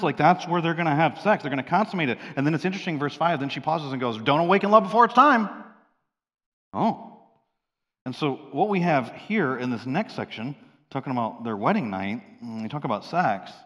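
A man preaching a sermon as a pastor, joking with the congregation and swinging from loud outbursts to quiet asides. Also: medium pitch, long reverb tail. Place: large church hall.

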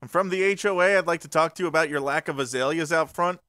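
A man's voice: on the high side, fast, pushed and bright, a little hiss or hum, voice pushed up. A man voicing a stiff, nitpicking neighborhood association official as a joke while playing a game. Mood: officious.

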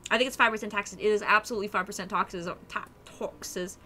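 A woman's voice: medium pitch, rapid-fire, bright, forceful tone. A young adult woman streaming a game, chatting casually and animatedly with her viewers and laughing often.

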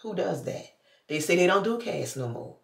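A woman's voice: fairly low pitch, sing-song, moderate pace, gravelly. Chatty woman vlogging in an echoey room. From New Orleans. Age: 50s. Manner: chatty, preachy asides, loose slang. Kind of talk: casual vlog talk.

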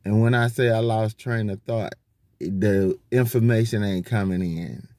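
A man's voice: fairly low pitch, steady tone, measured pace, warm tone, dry recording. A man talking casually about his faith while sitting outside his workplace. He rambles and often breaks off to exclaim and hum to himself. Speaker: vlogger. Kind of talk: casual spiritual monologue.

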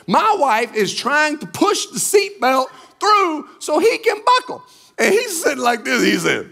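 A male pastor giving a sermon, telling a story with lively acted-out scenes. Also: very high voice, unhurried, gravelly. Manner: animated storytelling, acts out scenes.

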